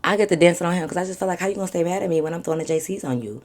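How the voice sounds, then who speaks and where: Low-voiced woman telling a candid story. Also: rapid-fire. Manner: candid, profane, animated. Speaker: vlogger. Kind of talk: casual storytime.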